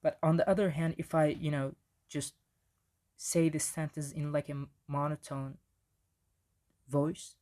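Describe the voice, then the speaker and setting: A man's voice: on the high side, little pitch movement, measured pace, pauses often, a little mellow. Man giving a casual slide lecture. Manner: casual, frequent restarts and fillers.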